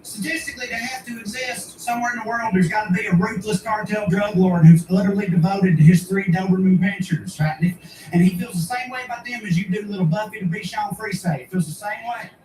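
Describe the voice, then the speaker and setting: A man's voice: high voice, brisk, crowd noise. Stand-up guy, crude and cocky, echoey club, kinda far from the mic. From rural Tennessee. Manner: brash, profane, conversational punchlines. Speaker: stand-up comedian. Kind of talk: stand-up comedy set. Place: comedy club stage. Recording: roomy and distant with ambient noise.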